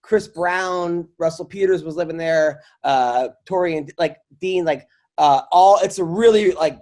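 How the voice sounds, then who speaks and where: A man's voice: fairly high pitch, measured pace, darkish tone. A man, a guest comedian, chatting casually on a podcast and telling rambling stories full of fillers. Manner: rambling storyteller, filler-heavy.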